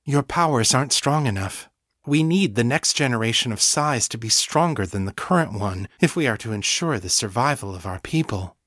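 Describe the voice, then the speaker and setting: A man's voice: mid-range voice, expressive, a bit bright, no echo. A serene hive mind of hundreds of psychics , voiced by a male narrator, speaks mildly and formally in an audiobook. The voice sits a little above the narrator's own and is recorded dry and close. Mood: gentle. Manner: mild, measured, formal. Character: calm collective hive mind of many psychics.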